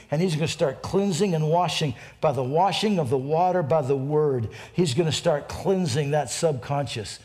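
A male pastor preaching a sermon with fervent energy, dropping to a hush and then rising to shouts. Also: a little high.

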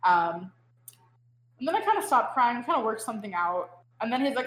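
Young woman, chatty storyteller, slightly high voice, roomy echo. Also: sing-song, brisk, pauses often, a little hiss or hum. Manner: chatty storytelling with frequent fillers. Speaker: guest. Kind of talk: casual chat.

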